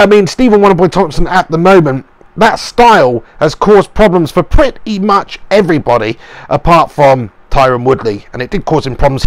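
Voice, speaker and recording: A man's voice: a little high, no room sound. A young man giving a casual, opinionated reaction as a channel host, rambling with fillers. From England.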